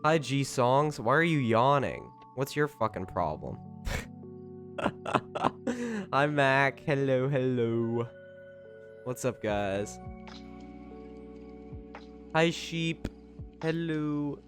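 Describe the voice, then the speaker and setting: Speaking at a slow pace over soft background music, a young adult streamer casually greets his viewers by name. He's recovering from a cold, has a medium-pitched voice, and breaks into loud, excited thanks for supporters.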